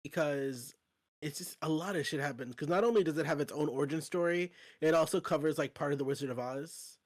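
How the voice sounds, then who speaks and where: A man's voice: fairly high pitch, fairly quick. A man hosting a podcast in an easygoing, chatty way. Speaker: podcast host. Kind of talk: casual chat.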